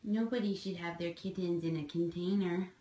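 A woman chatting casually on a home livestream while fostering kittens, cooing at them in soft baby talk. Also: lowish voice, steady tone, normal speed, low-quality recording.

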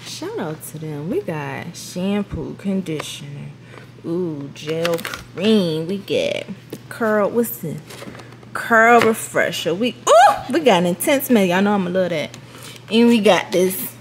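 A young woman chatting casually on her vlog, excitable and giggly, repeating herself as she talks. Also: lowish voice, takes it slowly, background noise. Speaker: beauty vlogger.

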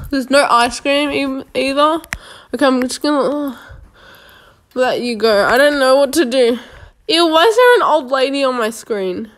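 Slow-talking, sarcastic young-sounding woman gamer. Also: high voice, animated. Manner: sarcastic, joking, talks to herself. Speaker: gamer playing a police game. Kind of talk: casual gameplay commentary.

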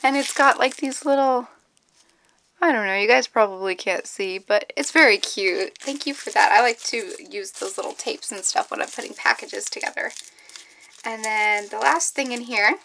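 A young woman vlogger opening fan mail in casual chat, excitable and often gasping and squealing with delight. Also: fairly high pitch, moderate pace, creaky, slight background noise.

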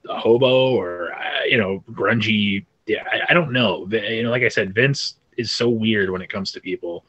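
A man's voice: fairly low pitch, fairly bright tone, slightly rough, highs cut off. A man co-hosting a wrestling podcast, talking in an opinionated, rambling way with many restarts. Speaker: podcast co-host. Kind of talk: casual chat.

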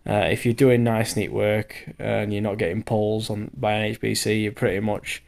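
A man's voice: lowish voice, little pitch movement, moderate pace, creaky, a little mellow. A man in his thirties, a bricklayer, giving a rambling, casual voiceover full of fillers; he sounds tired from lack of sleep. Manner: rambling, loose talk full of fillers and the odd swear. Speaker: bricklayer vlogger.

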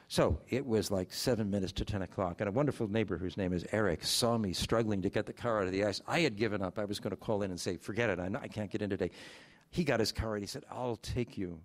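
A low-pitched older man from Buffalo, a radio host telling stories on stage before an audience. He talks in an easy, nostalgic way and laughs a lot between his stories. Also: darkish tone. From Buffalo, New York. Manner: chatty and nostalgic, laughs often. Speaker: radio talk show host. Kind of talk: casual on-stage conversation. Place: live event before an audience.

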